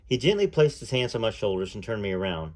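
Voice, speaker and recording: A man narrating a book aloud at a measured pace, telling the story in the first person. He sometimes breaks off to add his own comments between passages. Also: fairly low pitch, very animated.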